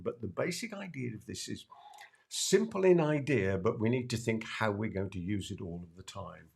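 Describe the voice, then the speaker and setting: A man's voice: on the low side, sing-song, vocal fry. Emphatic older British man teaching. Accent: British English. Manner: emphatic, repeats key phrases slowly for effect; playful asides. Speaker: sales trainer. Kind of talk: direct-to-camera teaching talk.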